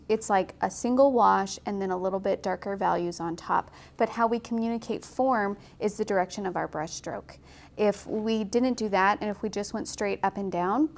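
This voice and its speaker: Young woman walking you through a watercolor painting, gravelly edge, chatty and upbeat. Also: medium pitch. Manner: chatty, encouraging, laughs often. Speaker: watercolor instructor. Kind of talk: casual painting tutorial.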